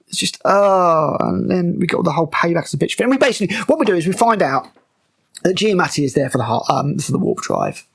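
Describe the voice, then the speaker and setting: A fairly high, husky, creaky male voice, animated and fast, belongs to a TV show reviewer. He gives a sarcastic, exasperated rundown of a TV episode, mocking it along the way with lots of fillers and restarts.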